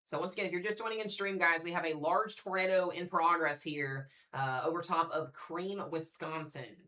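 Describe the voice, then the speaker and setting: Bright-voiced young man covering live storms. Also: fairly high pitch, steady tone, moderate pace. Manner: casual, thinks aloud while reading radar, addresses viewers as guys. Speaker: severe weather livestream host. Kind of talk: live weather coverage commentary.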